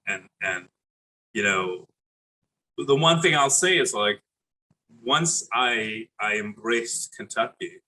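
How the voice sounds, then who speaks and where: A man in his late forties from Brooklyn tells stories in a relaxed interview. His voice is bright and forward, and his pitch sits in an ordinary middle range. He laughs easily, acts out what other people said, and often restarts his sentences. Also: a little hiss or hum, rough recording. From Brooklyn, New York. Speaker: chef, podcast guest. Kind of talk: casual interview storytelling.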